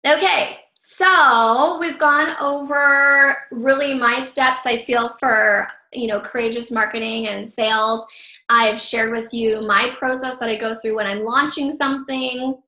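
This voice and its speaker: In an echoey room, a woman runs her group's online training call with upbeat encouragement and loose fillers. Her voice sits on the high side, fairly even in intonation, at a measured pace, pushed and bright, though a bit worn from slightly losing it.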